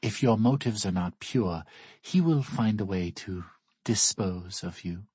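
A man voicing a solemn, mysterious child who speaks slowly and ominously in an audiobook. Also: lowish voice, lively intonation, slightly rough, no room sound. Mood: grave. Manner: slow, hushed, ominous.

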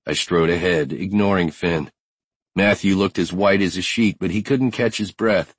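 A man's voice: deep voice, a little slow, husky, dry recording. A man narrating a first-person audiobook with tense, driven storytelling.

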